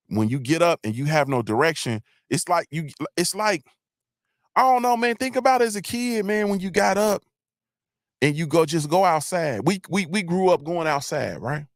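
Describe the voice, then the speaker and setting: A man's voice: on the high side, no echo, clean studio sound. Blunt, emphatic man hosting a live show. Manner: emphatic, repetitive, often asks "you feel me?"; blunt, uses profanity. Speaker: host of a live morning show. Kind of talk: casual motivational livestream talk.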